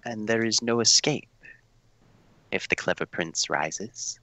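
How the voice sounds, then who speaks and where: A man voicing a cryptic, solemn woman who delivers a warning in a low, hushed voice. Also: takes it slowly, dry recording, heavily acted. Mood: ominous.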